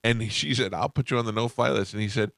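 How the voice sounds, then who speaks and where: Low-voiced man telling a lively story. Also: quick pace, gravelly, no echo, clean studio sound. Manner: animated, acts out quoted voices. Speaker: radio show host. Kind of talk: casual storytelling.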